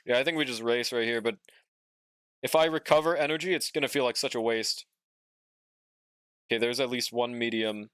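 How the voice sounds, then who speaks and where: With a fairly bright, clean, medium-pitched voice, a young male streamer talks briskly but leaves long pauses as he plays. He sounds sleepy, yawns, drawls in a relaxed way, swears often, and reads and answers chat. It's studio-quality audio with no room sound.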